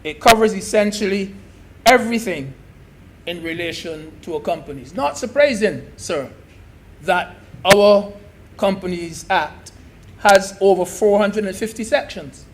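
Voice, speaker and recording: High-voiced, slow senator. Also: male voice, lively intonation. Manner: emphatic, repeats key phrases, addresses the chair as sir. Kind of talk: parliamentary debate speech.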